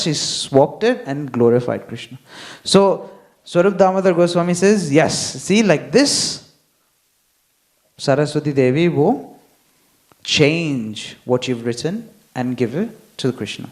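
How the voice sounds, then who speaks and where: A man with a slightly high voice delivers a devotional class at an easy, unhurried pace. He checks in with the listeners again and again and acts out the voices in the stories he tells. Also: darkish tone. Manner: unhurried, frequent "hmm?" check-ins, acts out quotes. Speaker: temple speaker.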